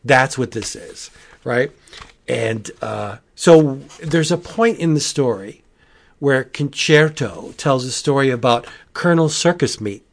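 Podcast host, male, mid-pitched, rambling and animated, full of asides. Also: measured pace, vocal fry, slight background noise. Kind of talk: casual comic book review.

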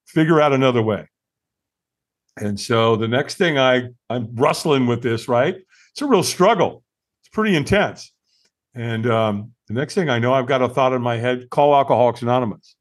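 A man in his sixties from the United States, a podcast guest telling his own story in an earnest, animated way with frequent fillers and restarts. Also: medium pitch, moderate pace. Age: 60s. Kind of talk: conversational storytelling interview.

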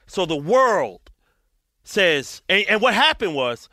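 A man's voice: high-pitched, very animated, slow, bright, forceful tone, no room sound, studio quality. A man in casual podcast chat, emphatic and profane.

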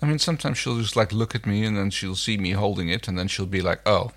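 A man's voice: fairly low pitch, expressive, fast. A man co-hosting a casual chat, reading fiction aloud playfully and laughing now and then. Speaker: podcast co-host reading fan fiction.

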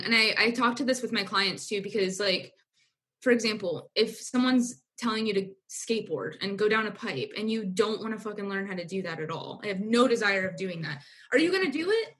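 Young woman coach on a podcast, candid, says like a lot, mid-pitch voice. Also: fairly bright tone. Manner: candid, uses filler "like" and mild swearing. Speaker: business coach, podcast guest. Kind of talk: casual podcast conversation.

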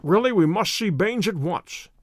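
A keen detective, as a man reads him, crisp and earnest with measured warnings. The voice sits high and moves lively through each phrase, recorded dry and close for an audiobook. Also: dry recording. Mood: earnest, wary. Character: keen, brisk male detective.

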